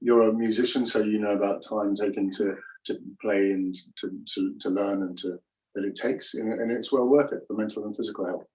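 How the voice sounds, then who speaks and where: A man's voice: fairly low pitch, steady tone, fairly quick, reverberant, recorded from a distance, poor audio. A man co-hosting a home cooking show, talking in an enthusiastic, rambling way. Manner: enthusiastic, warm-hearted rambling. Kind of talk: casual chat.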